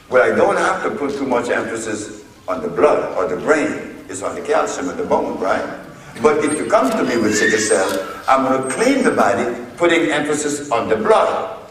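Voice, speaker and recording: A man giving a storytelling lecture to an audience, slow and deliberate as he recounts his exchanges in court. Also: mid-range voice, slight background noise. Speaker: speaker addressing an audience. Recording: echoey hall, voice from far off.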